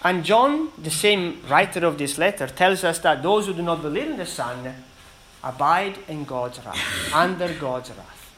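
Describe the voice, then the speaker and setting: A man preaching a sermon in an earnest, emphatic way, with dramatic pauses between phrases. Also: a little high, lively intonation, fairly bright tone, slight background noise, rough recording.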